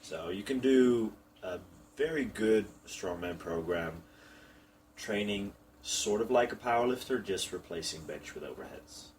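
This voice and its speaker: Male strongman coach, deep voice, easygoing, a bit off-mic with faint hiss. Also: unhurried. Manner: relaxed, laughs often, explains technique. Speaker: strongman coach and podcast co-host. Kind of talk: casual podcast chat. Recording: distant from the mic, faint background noise.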